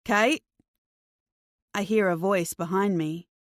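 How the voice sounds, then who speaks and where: Slow, tense woman audiobook narrator. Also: medium pitch, no room sound, clean studio sound. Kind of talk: first-person thriller narration.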